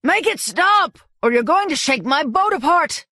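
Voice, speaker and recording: A woman voicing a panicked male fishing boat captain who yells over the noise. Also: very high-pitched, expressive, slow pace, dry recording, pitched above the performer's own voice, full character voice. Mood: frantic. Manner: yelling in panic over din.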